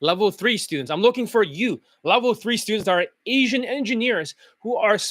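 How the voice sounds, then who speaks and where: A man's voice: high-pitched, a bit bright, no room sound. A male dating coach and host commenting on a client's testimonial, brash and profane, mocking rival coaches.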